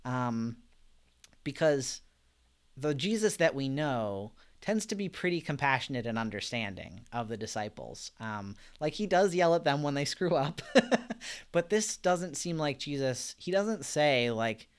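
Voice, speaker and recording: A man's voice: medium pitch, lively intonation, a little slow, clean tone. Easygoing man leading a Bible study. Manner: casual and conversational, many fillers and soft laughs; gentle, reflective, reads out viewer comments. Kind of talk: live-streamed Bible study talk.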